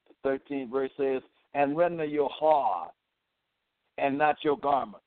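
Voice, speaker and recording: Speaking at a measured pace in a medium-pitched voice, a man delivers an impassioned radio sermon calling listeners to prayer, punctuated by "amen" and "praise the Lord." The audio has no room sound but carries a tinny, telephone-like radio quality.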